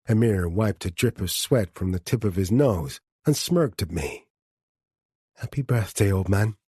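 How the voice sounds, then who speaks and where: A man reading an audiobook in a measured first-person narration. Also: sits low, darkish tone, breathy edge, no echo, studio quality. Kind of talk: scripted narration.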